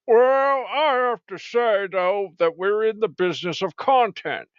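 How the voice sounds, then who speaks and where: A man's voice: expressive, normal speed, clear, resonant tone, no echo. Rambling, stammering jokey man, lo-fi mic. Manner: rambling, stammering, jokey, swings into high exclaims. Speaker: show host. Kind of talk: rambling comedic banter. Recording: dry, dull lo-fi mic.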